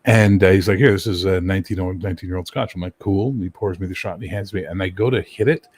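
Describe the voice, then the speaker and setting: A man's voice: deep voice, fast talker, husky, dry recording. A man from Canada chatting casually on a podcast, telling stories with lots of swearing and acting out what people said. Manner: storytelling, animated, swears freely, acts out quotes. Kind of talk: casual chat.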